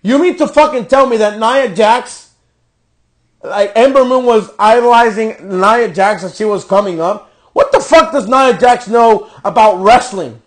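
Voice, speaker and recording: High-voiced, profane ranting man. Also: measured pace. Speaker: podcast host. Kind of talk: ranting wrestling show review.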